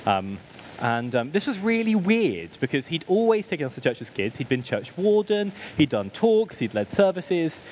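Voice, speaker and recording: A man's voice: medium pitch, slight background noise, low-quality recording. A British man giving a church sermon with humorous asides, self-deprecating stories and frequent ums. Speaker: preacher.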